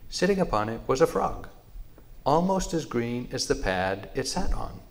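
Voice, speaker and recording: A man telling a traditional animal story in a measured, unhurried narration. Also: medium pitch, big pitch swings.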